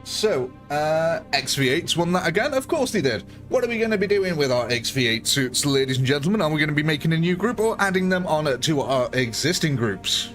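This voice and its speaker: A young man with a northern English accent hosts a live game stream, chatting with viewers and laughing easily. His voice sits a touch high and swings lively up and down. Faint music plays underneath. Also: a little fast, few pauses. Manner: chatty, laughs often, answers chat by name. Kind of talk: live-stream chat and commentary.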